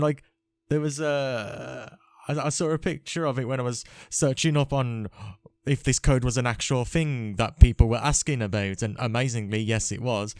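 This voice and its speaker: A man's voice: mid-range voice, no echo. A man hosting a casual gaming podcast, chatting and rambling with restarts. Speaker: podcast host. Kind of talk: casual chat.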